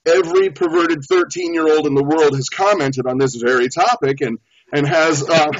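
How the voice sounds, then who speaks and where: A man's voice: fairly high pitch, normal speed, no echo. A man guesting on a show, telling a story in a casual, laughing way. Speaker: beekeeper guest. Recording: dull lo-fi audio.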